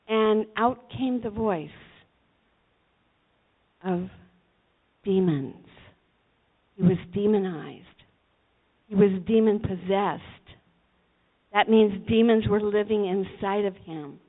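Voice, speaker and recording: A woman's voice: mid-range voice, takes it slowly, long pauses. A woman preaching a sermon to teenagers, telling the story dramatically and acting out the voices. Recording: tinny phone-like recording.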